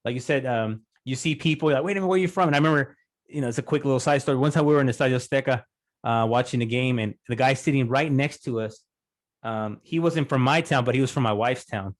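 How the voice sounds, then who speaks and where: A man hosting a podcast, chatting casually with his guest and filling his talk with "you know" and "like". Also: medium pitch. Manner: quick, chatty, many fillers. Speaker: podcast host. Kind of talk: casual interview chat.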